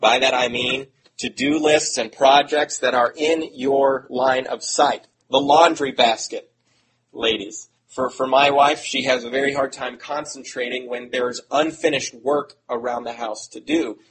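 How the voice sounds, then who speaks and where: A man's voice: mid-range voice, fairly even intonation, a little slow. A middle-aged man preaching a sermon in an earnest, conversational way, with self-deprecating asides. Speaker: pastor. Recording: audible background noise.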